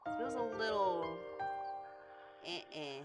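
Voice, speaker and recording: Chatty, lively woman streaming a game. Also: medium pitch, slow pace, loud music behind the voice. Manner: chatty, easily sidetracked, scolds her cat. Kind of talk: casual gaming stream commentary.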